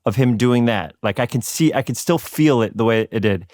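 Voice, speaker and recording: A man guests on a podcast, playful and quick to laugh, in a mid-pitched voice. The recording is close and dry. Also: a little mellow, no room sound. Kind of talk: casual chat.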